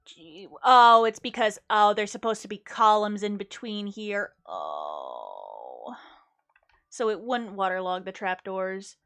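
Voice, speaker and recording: A woman's voice: medium pitch, very animated, takes it slowly. A young woman streaming herself playing a game, chatting casually, mocking herself and humming little sound effects. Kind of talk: casual gameplay chat. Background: soft music.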